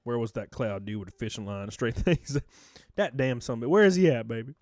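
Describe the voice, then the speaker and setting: A man's voice: medium pitch, very animated, a little fast, no echo. Casual joking male streamer, dry sound. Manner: rambling, joking, swears freely, thanks viewers warmly. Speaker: live streamer. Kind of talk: casual live-stream chat, reading viewer messages.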